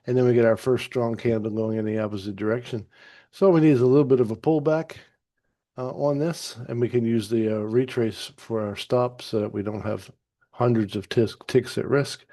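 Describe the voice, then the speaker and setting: A man calmly narrating a trade replay as a trading teacher, easygoing and explanatory with some fillers and restarts. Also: medium pitch. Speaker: trading educator. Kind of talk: narrated chart walkthrough.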